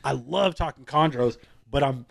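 A man's voice: mid-range voice, moderate pace, creaky, a bit bright, dry recording. A man, a podcast guest talking casually, laid-back and rambling, swearing freely with many restarts. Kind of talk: casual chat.

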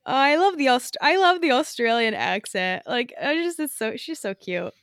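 A young woman co-hosts a fan podcast in a loose, gushing way, laughing often. Her pitch swings widely as she talks. The sound is dry and close. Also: expressive, normal speed, fairly bright tone, no room sound. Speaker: podcast co-host. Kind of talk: casual chat.

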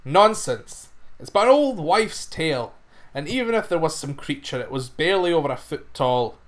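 A man voicing a gruff farmer who scolds and scoffs at his young labourer. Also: a little high, expressive, moderate pace, lightly acted. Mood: dismissive. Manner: blustering, scoffing.

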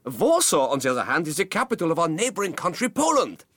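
A man's voice: fairly high pitch, huge pitch swings, fast talker, fairly bright tone, no room sound, studio quality, exaggerated voice. A man playing a patient, formal male aide to a dictator in a comedy sketch.

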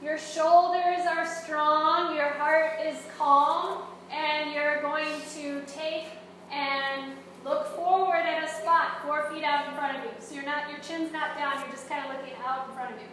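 A woman's voice: high-pitched, steady tone, a little slow, fairly bright tone, a little hiss or hum. A woman instructor guiding a group of young players through breathing exercises and yoga poses, encouraging and asking the group questions. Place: large echoey room with a group of young hockey players. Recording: echoey room, distant mic.

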